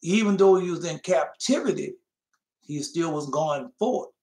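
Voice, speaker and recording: Emphatic high-voiced man preaching, echoey. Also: lively intonation. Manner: emphatic, swinging from loud to soft, mocking asides; slow, drawn-out scripture reading. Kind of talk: fiery Bible-study sermon.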